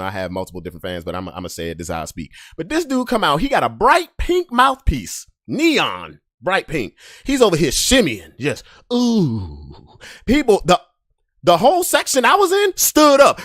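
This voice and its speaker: A podcast host telling a story with great energy, his voice leaping up and down as he acts out the people in it. He drops to hushed asides, then jumps up to yelling. The sound is dry and close. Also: medium pitch, very animated, a little fast, no room sound.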